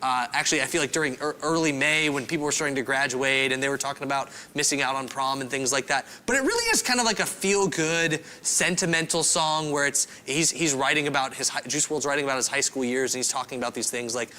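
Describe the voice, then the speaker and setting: A young man speaking as a youth pastor in a casual, animated, self-deprecating way, rambling a little as he explains. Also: mid-range voice, quick pace, hardly any pauses, slight background noise. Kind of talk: casual youth service talk.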